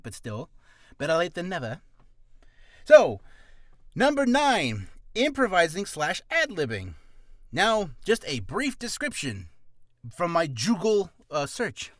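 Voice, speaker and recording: Brief: male vlogger, chatty and self-mocking, lively pitch, dry studio mic. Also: no room sound. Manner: rambling, jokey, self-deprecating. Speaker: hobby voice actor and vlogger. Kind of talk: casual vlog talk. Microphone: studio mic with audio interface.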